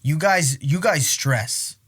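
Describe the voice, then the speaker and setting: A man's voice: on the high side, expressive, a bit bright, breathy edge. A man co-hosting a podcast who teases and quizzes his friends in casual chat. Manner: teasing, quick questions. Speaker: podcast co-host.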